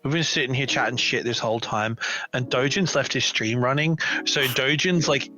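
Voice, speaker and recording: A man's voice: mid-range voice, moderate pace, pushed and bright, lo-fi sound, soft background music. A man from England co-hosting a podcast, exasperated and swearing freely in casual chat. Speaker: podcast co-host.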